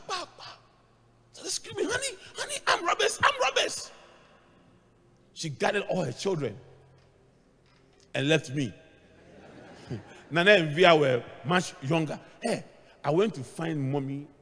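A middle-aged male pastor preaching a sermon, moving between hushed asides and shouted points as he tells stories. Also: a little high. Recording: long hall reverb.

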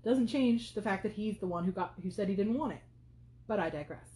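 A woman's voice: mid-range voice, animated, fairly quick, mellow, echoey room. A woman hosting a podcast, talking through a classic novel in casual commentary, thinking aloud with many fillers. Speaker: podcast host.

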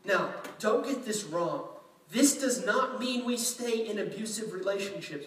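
A man's voice: high voice, expressive, measured pace, a bit bright. A male pastor from Louisiana preaching in a chatty, self-deprecating way, acting out quotes. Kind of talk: sermon. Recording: echoey room, mic at a distance.

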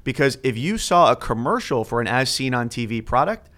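Guy in his 30s telling a funny work story, animated, does little voices for people. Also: medium pitch, a little fast. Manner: animated storyteller, acts out quotes. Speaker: guest sportscaster. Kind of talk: casual storytelling chat.

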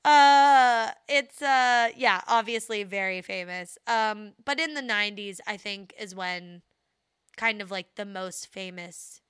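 Bright, crisp young woman chatting. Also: mid-range voice, takes it slowly, no room sound, clean studio sound. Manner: chatty, laughs easily, self-mocking. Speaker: podcast co-host. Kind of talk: casual chat.

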